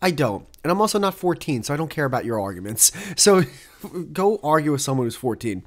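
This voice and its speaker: A man's voice: on the high side, very animated, fairly quick. Rambling, swearing young podcast guy. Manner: rambling, profane, self-interrupting with asides. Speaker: podcast host. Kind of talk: casual solo podcast monologue.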